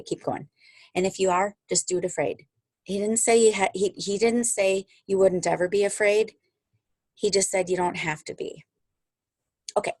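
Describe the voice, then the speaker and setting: A woman's voice: on the low side, darkish tone, no room sound. Upbeat woman leading a sales call. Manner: upbeat, encouraging, chatty with asides. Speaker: sales team leader. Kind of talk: motivational team meeting on video call. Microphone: video call.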